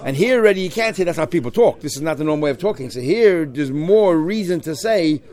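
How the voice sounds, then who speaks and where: Speaking quickly in a fairly high voice, a Talmud teacher probes the text with lively questions and weaves Hebrew terms into his explanation.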